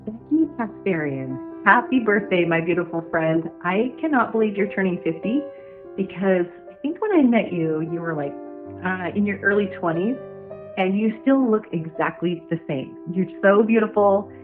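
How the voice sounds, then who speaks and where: A woman's voice: mid-range voice, animated, moderate pace, over music. A woman recording a bubbly, affectionate birthday message to a close friend. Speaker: friend giving a birthday tribute. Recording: tinny phone-like audio.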